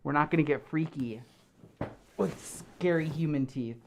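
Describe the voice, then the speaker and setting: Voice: mid-range voice, normal speed, slight background noise. Rambling, giggly streamer chatting through a fursuit, reading comments from the chat. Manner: rambling and giggly, full of fillers. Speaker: live streamer. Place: home streaming room.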